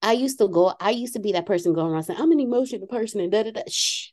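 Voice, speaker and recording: A woman hosting a casual talk show, laughing often and dropping into quiet asides. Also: medium pitch, quick pace. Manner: animated, laughs often, drops to a hushed aside. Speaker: host. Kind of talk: casual chat.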